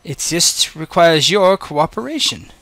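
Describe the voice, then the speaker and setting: A man voicing a calm, persuasive German woman agent in a tabletop game, with a put-on German accent. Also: a little high, measured pace, gravelly, dry recording, soft background music, pitched above the performer's own voice, exaggerated voice.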